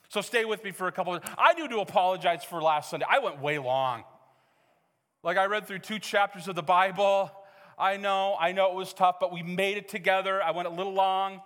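A man's voice: sits high, a bit bright. A middle-aged man preaching a sermon as pastor, conversational and joking with the congregation. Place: church hall. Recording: reverberant church hall.

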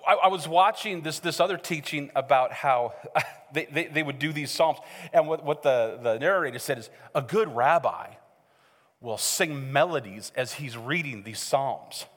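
An American man preaching a sermon to his church, talking conversationally and building to excited, rousing preaching. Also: a little high, normal speed. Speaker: pastor. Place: church sanctuary. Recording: long reverb of a large hall.

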